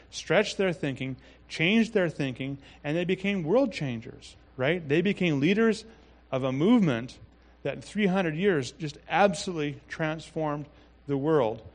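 A pastor preaching a sermon in a relaxed, conversational way, reading scripture and adding asides. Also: male voice, a little high. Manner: conversational, with frequent restarts and asides.

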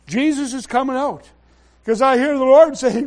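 Pastor, male, very high voice, preaching with halting restarts and sudden loud bursts. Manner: swings between quiet asides and loud exclamations. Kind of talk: sermon.

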